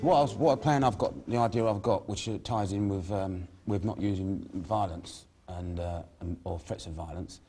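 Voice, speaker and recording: Brief: low, dark, husky man, quick plotting chat. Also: soft background music. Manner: acts out the lines of people in his plan. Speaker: gang member laying out a plan. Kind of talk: casual planning chat.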